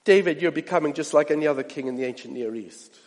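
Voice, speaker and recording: A man preaching a sermon, dramatic and full of rhetorical questions, often dropping to a hushed aside. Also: fairly high pitch, fast. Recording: long reverb of a large hall.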